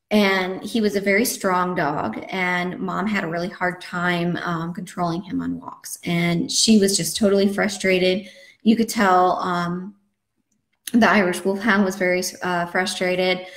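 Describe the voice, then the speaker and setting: A woman's voice: on the low side, level tone, measured pace. A woman dog trainer teaching a live webinar lesson in a chatty, conversational way, with frequent fillers. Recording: roomy echo.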